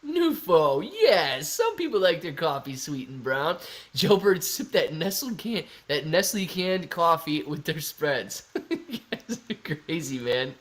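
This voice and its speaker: A man's voice: a little high, big pitch swings, measured pace. Jokey young man hosting a livestream. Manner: jokey, reads viewer comments aloud. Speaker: livestream host. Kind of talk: casual livestream chat.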